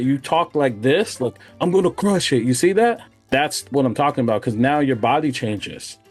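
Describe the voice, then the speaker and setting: A man's voice: mid-range voice, darkish tone. A man coaching a young baseball player, direct and encouraging, who repeats his key points over and over. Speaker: hitting coach.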